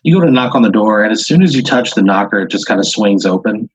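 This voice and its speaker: Rambling low-voiced husky man narrating. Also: animated, fast, no room sound. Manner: rambling, full of "like" and "uh" fillers. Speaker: podcast host. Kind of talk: second-person improvised storytelling. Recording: dull lo-fi audio.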